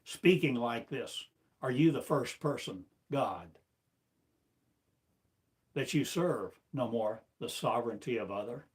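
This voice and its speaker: A male spiritual teacher delivering a sermon in a slow, deliberate cadence. His voice sits in an ordinary middle register. He builds the talk from one rhetorical question after another, declaiming each. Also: mid-range voice, animated. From United States.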